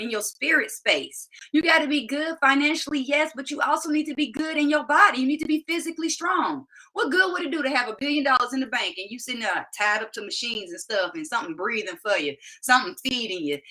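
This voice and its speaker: A woman's voice: on the high side, sharp tone, low-quality recording. A woman speaking as a motivational speaker, emphatic and preachy, using slang and repeating phrases for effect. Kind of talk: motivational talk to camera.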